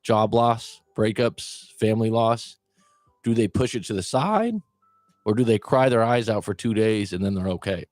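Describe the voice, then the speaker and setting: A man's voice: on the low side, normal speed, a little mellow, no room sound, studio quality, faint music behind. A man, a breakup coach, talking straight to the listener and asking them questions. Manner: conversational, asks the listener questions. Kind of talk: direct-to-camera advice talk.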